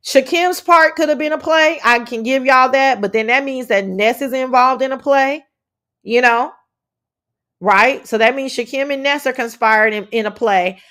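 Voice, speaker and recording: Woman livestream host, higher-pitched, animated, swears casually, reads out chat. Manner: animated, blunt, swears freely, drawls "child" and "y'all". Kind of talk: casual live commentary, reading chat.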